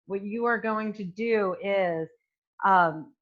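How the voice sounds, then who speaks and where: A woman's voice: mid-range voice, moderate pace, lo-fi sound. A woman fitness coach demonstrating exercises at home, giving encouraging instructions with frequent fillers. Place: home room with hardwood floor. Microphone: new microphone.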